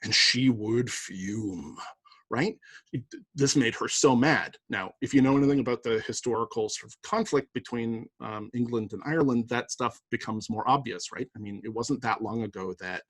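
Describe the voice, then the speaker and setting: A man lecturing to a class in a loose, conversational manner, checking in with "right?" as he goes. His mid-range voice has a husky edge. The sound is dry, with no room echo. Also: mid-range voice, a little fast. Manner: conversational, many fillers and "right?" asides. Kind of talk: university lecture.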